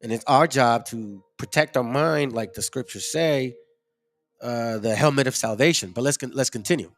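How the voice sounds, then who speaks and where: A man's voice: medium pitch, moderate pace. A man hosting a casual commentary, rambling and repeating himself with slangy asides. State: headache, struggling to focus. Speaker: host.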